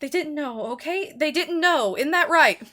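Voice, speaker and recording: A woman voicing a motherly vampire elder woman, tender and weary, soothing and halting in a tabletop role-play. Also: high voice, expressive, sharp tone, pitched above the performer's own voice. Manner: soothing, halting, repeats words.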